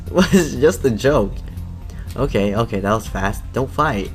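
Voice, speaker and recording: A man's voice: medium pitch, lively intonation, measured pace, darkish tone, faint music behind. A man reading a visual novel aloud, breaking off into profane, laughing asides. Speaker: let's play host.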